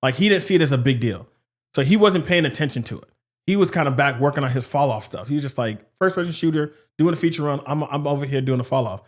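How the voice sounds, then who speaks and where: A man co-hosting a podcast in casual chat, animated, acting out other people's quotes as he talks. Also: quick pace. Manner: animated, acts out quotes with shifting pitch. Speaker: podcast co-host.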